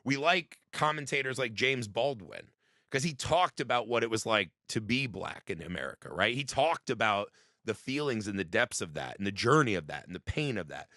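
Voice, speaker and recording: A man's voice: fairly low pitch, normal speed, dry recording, studio quality. A man in his thirties co-hosting a podcast, arguing emphatically about a film in casual chat and often tagging lines with "right?". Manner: animated, emphatic, repeats "right?". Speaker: podcast co-host. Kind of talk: casual movie review chat.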